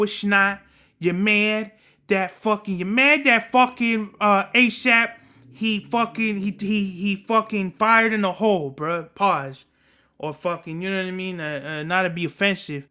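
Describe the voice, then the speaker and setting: A man with a bright, tense and smooth voice, pitched a little above the usual for men. He hosts a podcast alone, rambling through his opinions in a loose, slangy and often profane way. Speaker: podcast host. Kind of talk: casual solo commentary.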